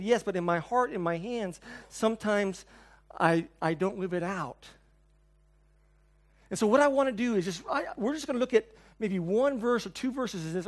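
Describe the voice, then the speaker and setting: A male pastor preaching a sermon to his congregation, telling a personal story earnestly and dropping to hushed tones on key lines. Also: high-pitched. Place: church hall before a congregation.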